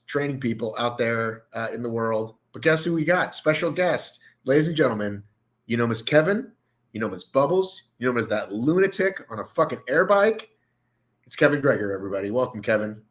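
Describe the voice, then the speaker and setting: Brash, jokey male host of a live show, pitch all over the place. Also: brisk, rough recording. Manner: animated, joking, swears freely. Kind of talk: casual live show chat.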